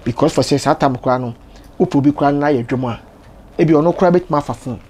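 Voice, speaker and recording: A man's voice: on the high side, fast, a little mellow. A Ghanaian man hosting a casual interview, prompting with short eager interjections and questions. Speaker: interview host.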